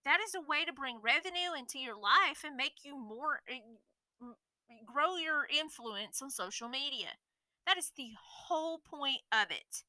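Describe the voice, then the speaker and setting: A woman's voice: sits high, animated, measured pace, bright, forceful tone, no echo, low-quality recording. A woman streamer delivering a blunt, profane, exasperated rant in a vlog. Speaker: streamer and influencer. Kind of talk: ranting vlog monologue.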